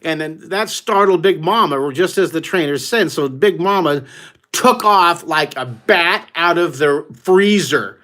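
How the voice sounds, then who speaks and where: A middle-aged American man leading a live online drawing lesson for kids, telling stories with excited whoops. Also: on the high side, unhurried. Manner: exuberant, exclamatory storyteller who whoops often. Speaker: art teacher hosting a live drawing class.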